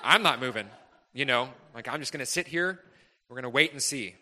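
A man preaching a personal testimony to a congregation, earnest and impassioned, swinging between loud, fervent stretches and hushed ones. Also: medium pitch, fairly quick.

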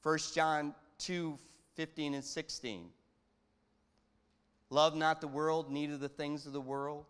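A man delivers a sermon in a relaxed, conversational manner, his voice sitting slightly high for a man. He reads scripture aloud and lets his pitch and loudness rise and fall as he talks. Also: takes it slowly, clear, resonant tone. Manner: conversational, varies pitch and volume, quotes scripture. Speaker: pastor.

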